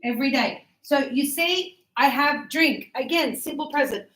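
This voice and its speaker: High-voiced woman teaching in an echoey classroom. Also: normal speed, a bit bright. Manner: patient, encouraging explaining with examples. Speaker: English teacher. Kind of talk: classroom grammar lesson.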